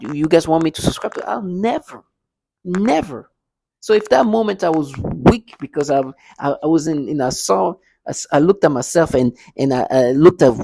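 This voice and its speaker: Man, husky voice, dry close sound, insistent, repeats himself, vlog monologue. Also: a little high, mellow, no room sound, low-quality recording. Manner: insistent, repeats words and restarts often. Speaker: vlogger addressing his viewers. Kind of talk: casual spoken monologue to camera.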